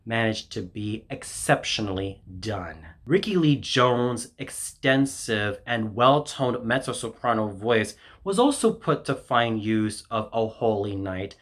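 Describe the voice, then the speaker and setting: A man's voice: fairly low pitch, a bit bright. A man reading his own scripted music album review aloud in a formal, effusive manner.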